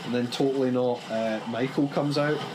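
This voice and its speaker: A man's voice: mid-range voice, fairly even intonation, moderate pace, noisy background. A Scottish man chatting casually during a let's play, rambling and correcting himself as he goes. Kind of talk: casual gaming chat.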